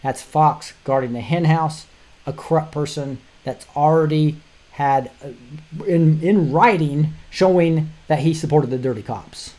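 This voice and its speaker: A man's voice: fairly high pitch, measured pace, dark tone. A middle-aged man hosting a show, talking casually through news articles in a rambling way with frequent restarts and short chuckles. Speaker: show host.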